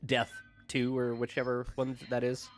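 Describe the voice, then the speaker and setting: A man's voice: mid-range voice, monotone, moderate pace, a little hiss or hum. A man streaming a mech strategy game, chatting casually and riffing on puns and chat messages, sometimes talking with food in his mouth. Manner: rambling wordplay, reads chat aloud in silly voices. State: eating while talking. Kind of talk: casual joking chat over gameplay.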